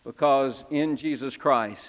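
A man's voice: mid-range voice, slow pace, big-room sound, muffled recording, lightly acted. A man preaching in character as Simon Peter, an impulsive, repentant fisherman, telling his story in first person with earnest, confessional feeling. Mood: exhorting. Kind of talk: first-person dramatic sermon monologue.

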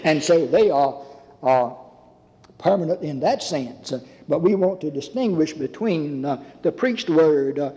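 A man preaching a sermon in a halting way, full of fillers, calling his listeners beloved. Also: on the high side, mellow. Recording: dull lo-fi recording with long reverb.

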